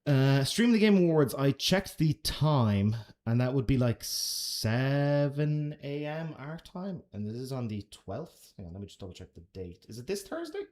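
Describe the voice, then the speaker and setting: A man's voice: medium pitch, big pitch swings, measured pace, a little mellow. An Irish man answering chat questions on a casual live stream, laid-back and chatty, swearing now and then. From Ireland.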